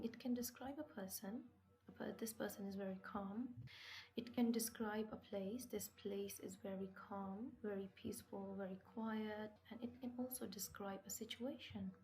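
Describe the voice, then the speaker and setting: Slightly high and warm, this woman's voice comes through a rough recording. Teaching English vocabulary at a slow classroom pace, she patiently asks her own questions, answers them, and stresses the important words.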